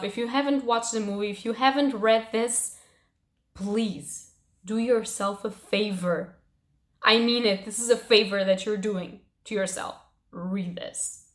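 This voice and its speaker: A young woman chatting casually about books she read, emotional and expressive, swearing now and then. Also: fairly high pitch. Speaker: book reviewer. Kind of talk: casual book wrap-up chat. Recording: roomy echo.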